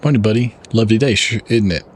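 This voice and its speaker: A man's voice: on the low side, fast, slight background noise, natural voice. A man voicing a friendly, generous older southern uncle with a put-on Southern US accent and a folksy drawl.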